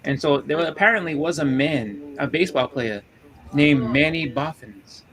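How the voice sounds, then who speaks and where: A man hosting a comic book podcast in casual chat, telling stories quickly, laughing often and repeating words. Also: a little high, fairly bright tone.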